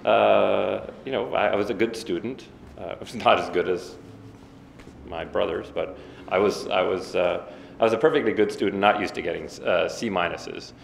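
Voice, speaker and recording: Man, 50s, after-dinner speaker; low, gravelly, halting with fillers; roomy hall sound with faint noise. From Ontario, Canada. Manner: self-deprecating, halting with many fillers. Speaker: guest speaker. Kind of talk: after-dinner storytelling speech. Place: banquet hall. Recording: echoey banquet hall with faint room noise.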